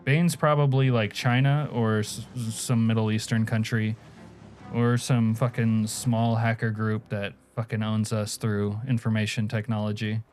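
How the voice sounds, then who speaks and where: A man's voice: fairly low pitch, little pitch movement, measured pace, a little mellow, faint music behind. A man from Alaska streaming a game, chatting casually and crudely with viewers, joking and laughing often. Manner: profane, joking, answers chat, laughs often. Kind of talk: casual live-stream chat.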